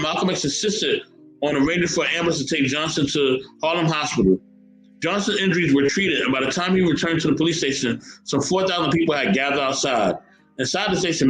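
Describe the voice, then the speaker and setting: Animated man hosting in an echoey room. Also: fairly high pitch. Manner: animated, repeats words, reads chat comments aloud. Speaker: podcast host. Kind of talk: casual chat and reading history aloud.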